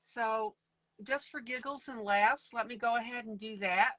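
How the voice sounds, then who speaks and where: A woman's voice: on the high side, measured pace, fairly bright tone, a little hiss or hum, poor audio. A woman leading a casual live coloring lesson, chatty and playful, laughing often as she works. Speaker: online coloring teacher.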